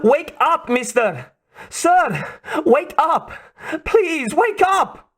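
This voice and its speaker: A man's voice: big pitch swings, extremely slow, heavily acted. Man putting on a frantic Russian woman. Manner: high frantic shouting. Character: frightened young Russian woman, pleading.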